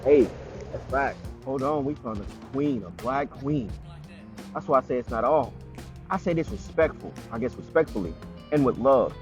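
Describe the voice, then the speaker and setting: A man's voice: medium pitch, expressive, moderate pace, darkish tone, faint music behind. A man giving casual reaction commentary, blunt and sarcastic, talking back at the clips he plays.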